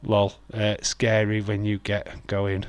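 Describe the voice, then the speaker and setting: A man's voice: lowish voice, completely flat delivery, slow, no room sound. A man hosting a casual live stream, chatting loosely, laughing often and answering viewers' comments. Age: adult with children.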